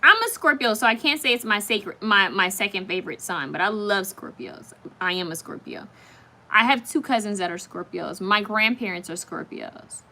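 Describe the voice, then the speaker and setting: A woman's voice: medium pitch, animated, moderate pace, bright, forceful tone. A woman hosting a casual live stream, chatting straight to her viewers and reacting to their comments as they come in.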